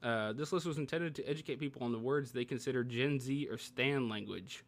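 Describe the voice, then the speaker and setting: A young man co-hosting a casual podcast, reading text aloud and arguing back at it with quick laughs. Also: medium pitch. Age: young adult. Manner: animated, reads from a page and argues back. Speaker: podcast co-host.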